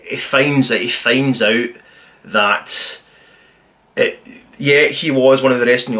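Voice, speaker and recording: A man giving a casual, spoiler-filled film review, rambling and excitedly retelling the plot with plenty of swearing. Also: medium pitch.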